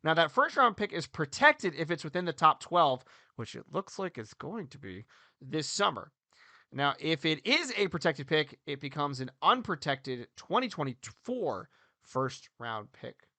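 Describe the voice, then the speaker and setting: A man in his thirties co-hosting a casual hockey podcast, joking and animated, swinging between loud bursts and quiet asides. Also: a little high, measured pace, dry recording. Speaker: podcast co-host, hockey coach. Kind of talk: casual sports podcast chat.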